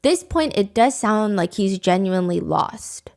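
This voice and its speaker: Animated woman narrating true crime. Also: medium pitch, a little slow, creaky. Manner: animated, reads quotes aloud with feeling. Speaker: podcast host.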